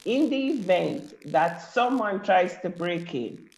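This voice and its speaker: A woman panelist explaining her point in a measured way, building it up through a long everyday comparison. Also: on the low side, animated, a little mellow, echoey room, rough recording.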